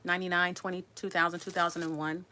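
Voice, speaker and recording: Bright-voiced chatty woman in her sixties. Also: lowish voice, flat delivery, quick pace, slight background noise. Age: 60s. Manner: chatty, repeats and restarts words, answers comments. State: resting after surgery. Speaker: vlogger. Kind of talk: casual storytelling to viewers.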